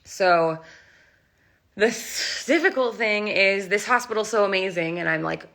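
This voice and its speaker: A woman's voice: mid-range voice, a little slow, fairly bright tone. A young woman in a casual live stream, close to tears, telling a story emotionally and rambling, with lots of "like", into a phone mic. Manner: emotional, rambling, heavy use of "like". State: near tears. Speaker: animal rescuer and channel host.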